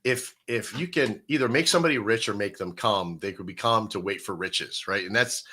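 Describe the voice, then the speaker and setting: A man hosting a casual live-stream chat, explaining in an animated way and often asking "right?". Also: lowish voice, a little fast, husky.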